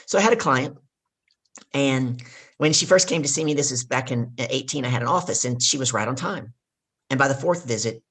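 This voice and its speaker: Woman, leadership coach, husky, emphatic, teaching stories. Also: very deep voice. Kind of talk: casual interview talk.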